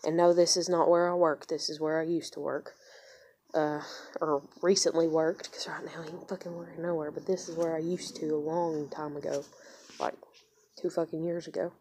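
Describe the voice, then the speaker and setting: A woman's voice: on the low side, dark tone. A young woman, rambling emotionally and swearing as she searches for words in a personal confession. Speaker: vlogger.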